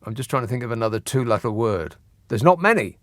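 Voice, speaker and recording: A man's voice: mid-range voice, expressive, fast talker, a bit bright, dry recording. A man hosting a radio phone-in, talking in a dry, sardonic way. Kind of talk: late-night radio talk.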